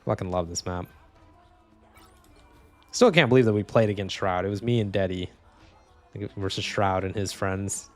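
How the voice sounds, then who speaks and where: A man's voice: low-pitched, moderate pace, long pauses, faint music behind. A young man talking casually while playing a video game, joking, rambling and swearing freely. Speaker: gaming streamer. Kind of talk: casual gameplay commentary.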